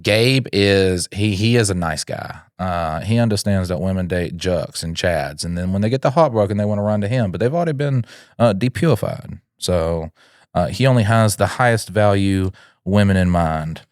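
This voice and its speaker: A low-pitched man trading crude jokes on a comedy podcast, his voice close and dry with no room sound. He riffs loosely and keeps breaking into goofy put-on voices. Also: expressive, moderate pace, dry recording. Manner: crude, joking, drops into silly accents. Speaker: podcast co-host.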